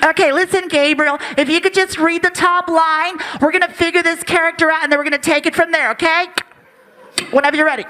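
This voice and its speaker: A comedian voicing a brisk, upbeat woman studio director who keeps pushing for more. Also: extremely high pitch, fairly even intonation, bright, forceful tone, a little hiss or hum, voice pushed up. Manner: chirpy, businesslike, keeps pushing.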